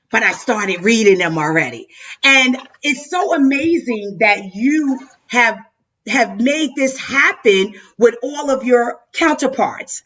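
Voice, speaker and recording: A woman host delivers an emotional tribute over a lo-fi, muffled video call. Her tone is bright and pushing forward. She keeps circling back and repeating words in a heartfelt, effusive flow. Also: on the high side. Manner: heartfelt, effusive, stumbling repetitions. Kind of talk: emotional live-stream tribute speech. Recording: dull lo-fi video call audio.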